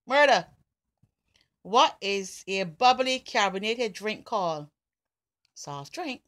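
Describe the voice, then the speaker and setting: Slow, bright Barbadian woman. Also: mid-range voice, animated. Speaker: vlogger. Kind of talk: casual accent challenge talk.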